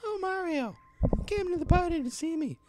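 A man voicing a princess in a strained high falsetto while reading game text. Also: animated, normal speed, heavy background noise. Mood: sweet. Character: Princess Peach in a falsetto girl voice.

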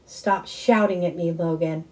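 A woman's voice: fairly low pitch, steady tone, measured pace, a little mellow, close to an everyday voice, rough recording. A woman voicing an angry, strict mother who scolds her son in a cold, clipped way. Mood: stern, cold.

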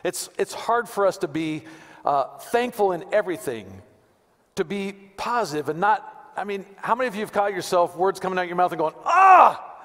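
In a church sanctuary with long reverb, a male pastor preaches a sermon in a conversational, joking way, often repeating words. His voice is high, animated and brisk.

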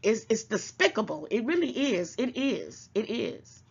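A woman's voice: a little high, very animated, unhurried, gravelly, husky. A woman hosting her own channel, giving emphatic, preachy commentary to her viewers and calling them baby. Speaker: channel host. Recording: dull lo-fi sound.

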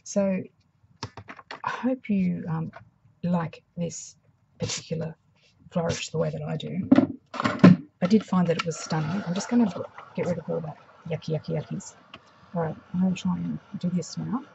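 A woman with an Australian accent, slightly hoarse after a flu, demonstrating a craft project in a soft, mumbling, thinking-aloud way. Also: fairly low pitch, fairly even intonation, normal speed, long pauses, lo-fi sound, heavy background noise. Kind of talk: casual craft tutorial.

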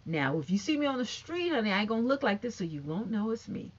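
A woman with a high, youthful-sounding voice chatting casually and sassily to camera about online gossip. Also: quick pace, muffled recording. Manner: chatty, sassy, animated, talks straight to viewers. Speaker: YouTube commentator.

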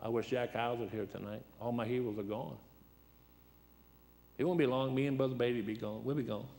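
A man's voice: mid-range voice, fairly even intonation, fairly quick, creaky, darkish tone. A seventy-year-old man preaching a folksy sermon in a church, joking and telling anecdotes in a worn, dried-up voice. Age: 70s. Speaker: guest preacher.

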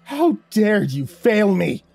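A man voicing an enraged male devil lord with a shrill, screeching voice. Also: very animated, slow, creaky, darkish tone, slightly rough, faint music behind, heavily acted. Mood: screeching rage.

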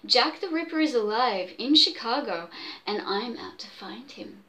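A woman voicing a secretive British gentleman diplomat in a storybook reading, calm and clipped. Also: a little high, measured pace.

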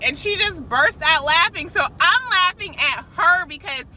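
A woman telling a casual, animated faith testimony, chatting directly to her viewers. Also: very high voice, moderate pace, a little hiss or hum, low-quality recording. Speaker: christian vlogger.

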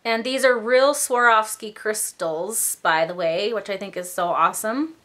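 A woman's voice: mid-range voice, unhurried, fairly bright tone. A young woman chatting casually in a vlog, gushing and filling her talk with "like" and "um", a little out of breath. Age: young adult. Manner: chatty, gushing, lots of filler "like" and "um". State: slightly out of breath. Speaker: vlogger.

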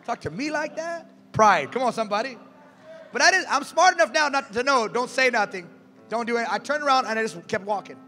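A male pastor preaching a sermon, animated and calling out to his congregation. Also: extremely high pitch, brisk. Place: church sanctuary. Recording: reverberant church hall, faint music.

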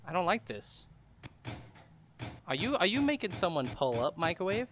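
A man's voice: high-pitched, sing-song, moderate pace, long pauses, background noise. A young man making jokey let's-play commentary on a horror game, talking back to the game. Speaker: gaming YouTuber.

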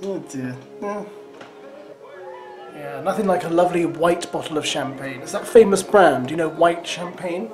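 A man's voice: on the high side, normal speed. Sarcastic man reacting over music. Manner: sarcastic, teasing running commentary. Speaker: reaction commentator. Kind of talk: reaction commentary. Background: show soundtrack music.

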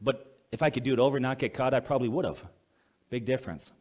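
A pastor preaching a sermon in a conversational way, reading scripture aloud, then explaining it plainly and asking the congregation questions. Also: male voice, mid-range voice, fast, a little mellow.

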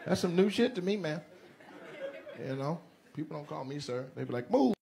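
A male stand-up comedian doing live crowd work, teasing audience members with quick questions and laughing asides. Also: a little high, lively intonation, gravelly. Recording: live show with loud crowd and noise.

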